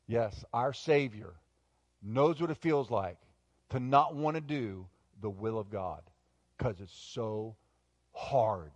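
A male pastor preaching a sermon, moving between quiet, intimate asides and loud, emphatic bursts. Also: mid-range voice, animated, a little slow, long pauses, no room sound.

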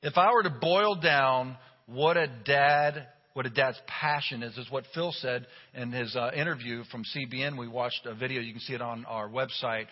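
Middle-aged pastor preaching in a reverberant hall. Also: male voice, medium pitch, moderate pace, hardly any pauses. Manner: humorous, animated storytelling. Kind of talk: sermon. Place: church sanctuary. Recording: dull recording with long hall reverb.

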